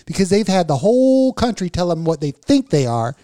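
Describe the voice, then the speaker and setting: A slightly high-voiced man rants through a casual radio talk show, swearing freely as he co-hosts. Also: sing-song, brisk, mellow. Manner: profane, impassioned ranting. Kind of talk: casual podcast chat.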